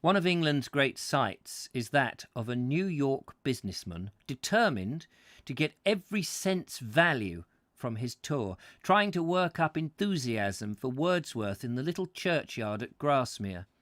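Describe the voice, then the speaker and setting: A man hosting a live book reading, going through the text in measured tones and adding wry asides of his own. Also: medium pitch, big pitch swings, a bit bright, no room sound, clean studio sound. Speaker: host reading a book aloud.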